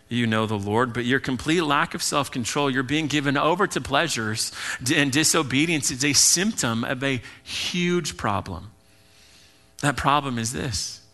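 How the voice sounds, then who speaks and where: A male pastor preaching an earnest, emphatic sermon, slipping into quick acted asides. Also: mid-range voice, gravelly, bright, forceful tone.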